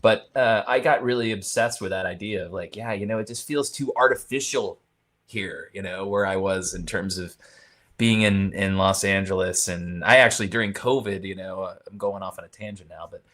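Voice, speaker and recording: A man from Maryland, a guest filmmaker in a casual podcast chat, talking in a rambling, soft-spoken way that trails off. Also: sits low, normal speed. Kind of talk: casual conversation.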